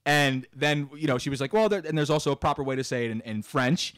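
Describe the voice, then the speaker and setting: A man's voice: mid-range voice, fast talker, smooth, no echo, studio quality. A man co-hosting a talk radio show, joking and laughing through casual banter. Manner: joking, laughs often, lively delivery. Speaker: radio co-host.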